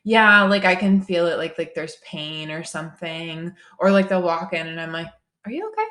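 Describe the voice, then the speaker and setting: A woman's voice: fairly low pitch, steady tone, moderate pace, fairly bright tone. A young woman, a massage therapist co-hosting a podcast, telling stories casually, swearing and acting out quotes. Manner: storytelling, swears, acts out quotes. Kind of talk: casual chat. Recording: roomy echo.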